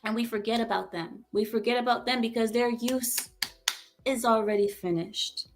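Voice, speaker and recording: A woman's voice: a little high, normal speed, over music. A woman hosting a reaction commentary, ranting in a heated, emphatic way and repeating herself. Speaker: commentary channel host.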